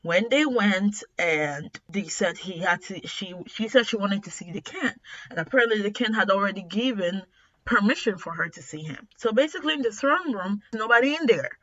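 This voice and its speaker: Woman reviewer, casual recap, lively pitch, bright tone, dull lo-fi recording. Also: normal speed. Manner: animated, emphatic retelling. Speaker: webtoon reviewer.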